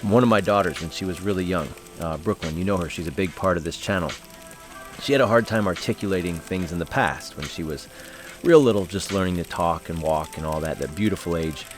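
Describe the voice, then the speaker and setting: Man host, lowish voice, casual devotional talk with storytelling and fillers, slowing down for reflective points. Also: faint music behind. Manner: slows and softens for reflective points. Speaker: host and Bible study leader.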